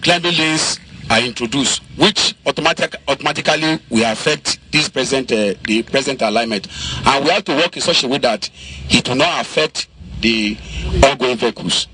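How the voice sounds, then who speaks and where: A man speaking outdoors at a roadside, stopping and restarting his sentences as he explains himself. His voice sits at an ordinary, middle pitch. Clear traffic noise runs behind him throughout. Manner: halting, repeats and restarts words. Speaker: road contractor's representative. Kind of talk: on-site press questioning. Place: outdoors beside a busy road.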